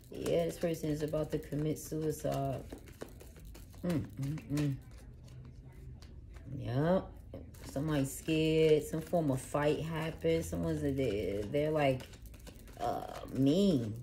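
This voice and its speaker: A woman doing a casual tarot reading to camera, cursing freely and swinging from low murmurs to loud ranting. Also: a little hiss or hum. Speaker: tarot reader.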